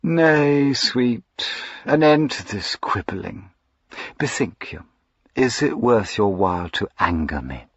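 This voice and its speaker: A cold, mocking duke from a period storybook, played by a male reader, purring his words softly and without hurry, at times sinking to a whisper. The sound is dry and muffled on a dull lo-fi recording. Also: medium pitch, animated, slow pace, breathy edge, dry recording, pitched above the performer's own voice. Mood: menacing. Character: sinister aristocratic duke, cold, predatory, mocking.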